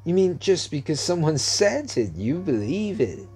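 A man's voice: on the high side, sing-song, a little slow, a little mellow, faint music behind, pitched above the performer's own voice. A man voicing a young boy who is earnest and curious, asking eager questions in a raised voice.

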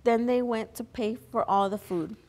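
A woman's voice: a little high, moderate pace, darkish tone. A young woman reading a children's picture book aloud as a volunteer, earnest, with small slips and restarts. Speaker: volunteer story reader.

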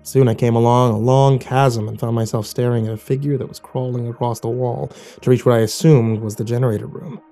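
Mellow-voiced man reading horror. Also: mid-range voice, fairly even intonation, fairly quick, few pauses. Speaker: horror story narrator. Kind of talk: first-person horror story reading. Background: faint music.

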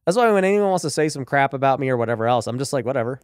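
A man in a podcast conversation talks with emphatic conviction, dropping in "right?" and "you know" as he goes. His voice sits at a middling pitch and sounds close and dry. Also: expressive, very fast, clear, resonant tone, no room sound. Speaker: podcast host. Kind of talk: casual faith and business talk.

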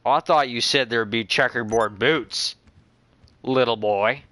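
A young man chatting excitedly and teasing his friends while playing a game over a headset, swearing often. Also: mid-range voice, slow. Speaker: gamer. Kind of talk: casual gameplay chat with friends.

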